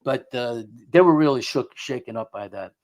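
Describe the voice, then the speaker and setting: A man's voice: medium pitch, lively intonation, moderate pace, a little mellow. Middle-aged man telling a rambling story. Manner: rambling, often repeats and restarts words. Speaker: paranormal investigator guest. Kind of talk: conversational storytelling.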